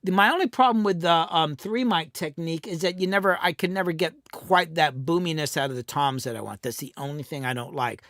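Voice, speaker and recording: A man with a high, light voice hosts a casual live stream about music production. He talks in a rambling, profane way, stops and restarts his sentences, and sounds close and dry in his home studio. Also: fairly quick, few pauses, a bit bright, no room sound. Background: cats in the room.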